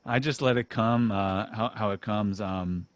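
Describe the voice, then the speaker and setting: A relaxed man hosting a casual podcast, his voice sitting low and recorded dry and close. He is self-deprecating and quick to laugh, often restarting his sentences as he talks things through. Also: no echo. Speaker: podcast host. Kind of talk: casual chat.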